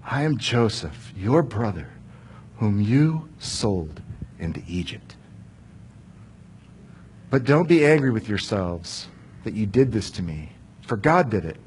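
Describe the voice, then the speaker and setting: A man's voice: fairly low pitch, sing-song, moderate pace, slight background noise, pitched below the performer's own voice. A man voicing a powerful ruler who speaks firmly but reassuringly to his brothers. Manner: commanding then reassuring. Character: powerful forgiving adult ruler Joseph.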